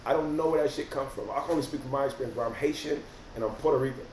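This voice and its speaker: A man, hosting a casual livestream and reacting to viewer comments in animated, profane slang. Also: medium pitch, very fast. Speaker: rapper and livestream host. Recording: roomy echo, faint noise.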